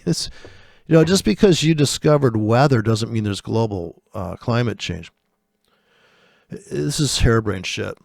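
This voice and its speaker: A man's voice: medium pitch, expressive, measured pace, creaky, darkish tone, dry recording, studio quality. A trader ranting over live charts, profane and sarcastic as he mocks other traders.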